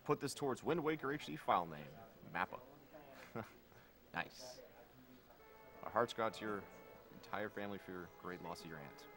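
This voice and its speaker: A man's voice: on the low side, expressive, normal speed, long pauses, over music. A man hosting a charity live stream, reading donation comments aloud in a casual, jokey way.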